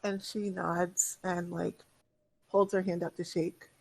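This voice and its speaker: A woman narrating as game master over an online voice chat, chatty and halting with many fillers. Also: lowish voice, level tone, gravelly, a little mellow, slightly rough.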